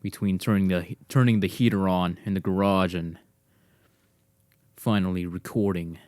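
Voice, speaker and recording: In a solo podcast from his home garage, a man chats in a casual, rambling way, often putting himself down. His low, slightly mellow voice holds a steady tone at a moderate pace, and the desk mic to his computer yields a dry, clean studio sound.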